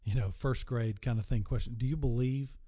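Earnest in tone, a male preacher delivers a Bible sermon in a medium-pitched, dark voice with a breathy edge. He stretches important words slowly and poses questions straight to the listener.

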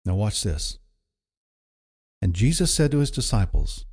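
A man's voice: lowish voice, sing-song, unhurried, long pauses, a little mellow, husky. A man preaching a sermon in a conversational, emphatic way, often repeating himself for effect. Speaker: pastor.

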